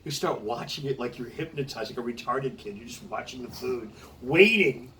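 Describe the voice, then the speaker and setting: A man's voice: mid-range voice, lively intonation, moderate pace, a bit bright, far from the mic. A man telling stories in a casual chat, swearing often and laughing through his own stories. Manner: profane, laughing storyteller. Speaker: comedian host.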